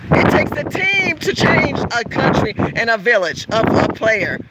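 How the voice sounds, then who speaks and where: A woman's voice: on the high side, sing-song, unhurried, heavy background noise. A woman from California hosting a casual livestream, talking emphatically and repetitively straight to her viewers as she reads their comments.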